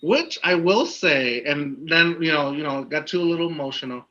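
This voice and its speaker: Chatty man with a bright, lo-fi podcast sound. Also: a little high, expressive, normal speed. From Texas. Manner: rambling, lots of "like" fillers. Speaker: podcast co-host. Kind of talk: casual podcast interview.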